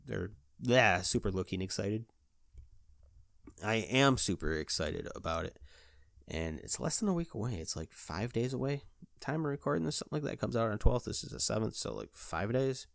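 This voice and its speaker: A man hosting his own podcast, chatting alone in an excitable, rambling way full of "like". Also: lowish voice, moderate pace, gravelly, no echo, clean studio sound. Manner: excitable, rambling, fills talk with "like". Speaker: podcast host. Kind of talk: casual solo chat.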